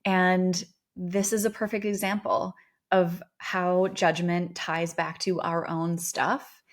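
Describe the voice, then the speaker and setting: A woman with a Minnesotan accent talks alone on her podcast, drawing on her work as a therapist. Her voice sits a little low. She speaks candidly and reflectively, in an easy conversational way. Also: flat delivery, slow. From Minnesota, USA. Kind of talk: reflective solo podcast talk.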